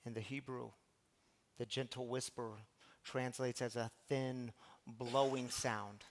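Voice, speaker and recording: A middle-aged man preaching a recovery sermon, animated storytelling that swings from loud to hushed. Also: mid-range voice, slow pace. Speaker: pastor of a recovery community.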